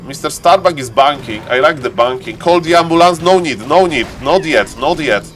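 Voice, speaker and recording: A man giving live esports commentary, excitable and playful, bursting into high exclamations and joking asides. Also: normal speed, a little hiss or hum. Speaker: game caster.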